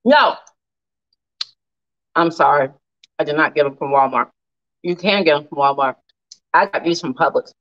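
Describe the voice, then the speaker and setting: A woman hosting a casual live cooking stream, animated and laughing often as she reads viewer comments aloud. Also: low-pitched, moderate pace, long pauses, muffled recording.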